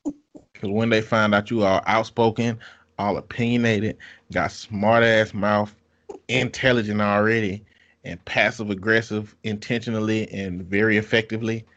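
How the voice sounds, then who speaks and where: A man's voice: lowish voice, little pitch movement, normal speed, a bit bright. A man in casual conversation, giving blunt, profane advice. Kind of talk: casual chat. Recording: dull lo-fi sound.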